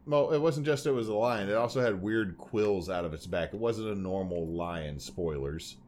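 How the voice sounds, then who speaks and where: A young man co-hosting a podcast in casual chat, telling stories in a rambling, animated way full of tangents. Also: lowish voice, moderate pace, slight background noise. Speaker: podcast co-host.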